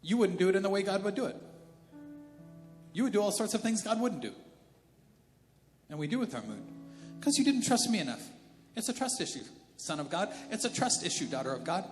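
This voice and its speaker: A male pastor preaching a sermon in a casual, animated, conversational way. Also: high voice, brisk, long pauses. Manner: conversational and animated, slips into character voices. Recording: reverberant church hall with faint music.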